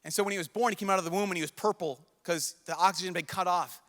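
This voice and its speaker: Very fast yet steady in tone, a young priest's high-pitched, fairly bright voice delivers an emotional sermon to a big youth conference audience. He pleads earnestly and keeps repeating himself, and the large hall adds long reverb.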